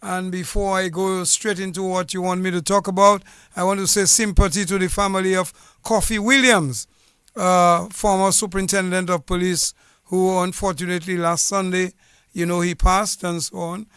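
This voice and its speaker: A man with a high, clear, resonant voice tells his story in a studio radio interview. His manner is earnest and formal, wandering from detail to detail. The sound is dry and close on a studio mic. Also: level tone, moderate pace, fairly bright tone, no echo. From Dominica. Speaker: guest, former police officer. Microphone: studio mic with headset.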